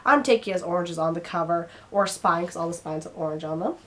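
A woman's voice: on the low side, fast talker. Young woman with a strained throat. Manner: chatty, rambling, some stumbling over words. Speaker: book vlogger. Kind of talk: casual chat to camera.

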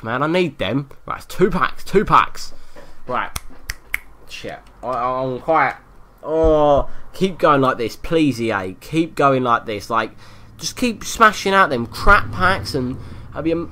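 Man, gameplay commentary, lively swooping pitch, bright tone, excitable, swears constantly. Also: a little hiss or hum. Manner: excitable, swears a lot, yells at the game. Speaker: gaming YouTuber.

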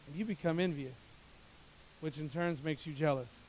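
High-voiced preaching pastor, man. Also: normal speed, a little hiss or hum. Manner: preaching with dramatic swings from loud to hushed. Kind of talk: sermon.

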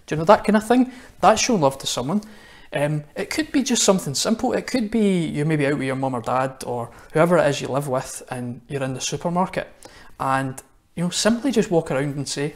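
A man's voice: on the high side, expressive, fairly quick. A man with a Scottish accent giving a friendly children's talk for an online church service, chatting directly to the young viewers at home. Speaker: church minister. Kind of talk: children's address.

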